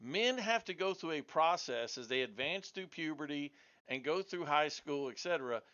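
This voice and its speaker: A man's voice: on the high side, animated, normal speed, sharp tone. A man in a heated casual debate, blunt and combative, talking over the others. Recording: dull lo-fi audio.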